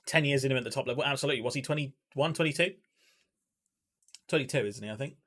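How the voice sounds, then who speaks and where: A man's voice: mid-range voice, fast talker, fairly bright tone. Guy in his 20s streaming a football game, rambly, gets hyped, swears at the ref. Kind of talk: casual gaming commentary.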